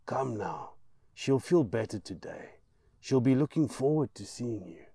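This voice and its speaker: A burly, hungover giant, gruff and loud but soft-hearted, as a man puts him on. He grunts his words in a rough, gravelly voice pushed well above his usual pitch. It sounds dry and close, like a storybook reading. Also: expressive, a little slow, no echo, exaggerated voice. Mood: kindly reassuring.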